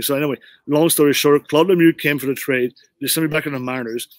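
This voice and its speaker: A man's voice: fairly high pitch, steady tone, quick pace, no room sound. A middle-aged man, a former pro hockey player, telling his career story in an interview with earnest, emphatic phrasing. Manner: earnest, repeats "you know what" for emphasis.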